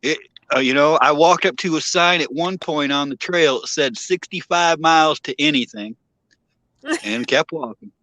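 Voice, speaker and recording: A man's voice: a little high, normal speed, bright, forceful tone, no room sound. A man joining a live panel by phone, telling an easygoing story about a long walk. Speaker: panel guest. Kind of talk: casual live panel chat.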